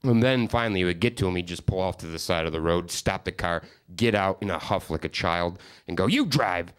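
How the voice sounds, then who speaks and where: Profane stand-up comic, lowish voice. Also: male voice, fairly quick, smooth. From upstate New York. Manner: profane, rambling, self-deprecating storytelling. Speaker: stand-up comedian. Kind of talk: stand-up comedy set.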